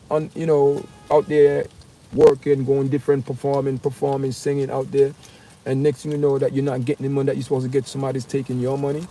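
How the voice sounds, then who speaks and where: A man chatting casually with his livestream viewers, animated and talking straight to the chat, outdoors on a windy street. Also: mid-range voice, fairly quick. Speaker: livestream host. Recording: faint outdoor street noise.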